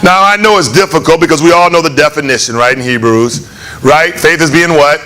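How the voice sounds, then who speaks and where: A man preaching a conversational, animated sermon in church, acting out lines of the story. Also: fairly high pitch, fairly quick, crowd noise. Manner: animated, conversational, acts out voices with laughs. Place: church hall.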